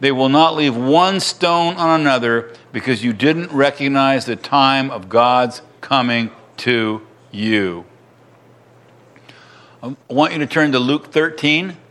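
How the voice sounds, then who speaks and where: A man's voice: medium pitch, slow, a bit bright. A middle-aged man preaching a sermon as pastor in a church, acting out crowd cries and restarting his sentences.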